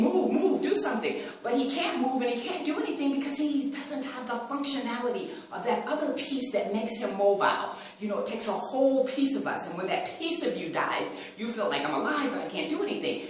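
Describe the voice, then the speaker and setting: Animated woman preaching in an echoey room. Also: a little high. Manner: animated, repeats phrases, acts out sounds and quotes. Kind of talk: sermon. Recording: echoey room from far off with faint noise.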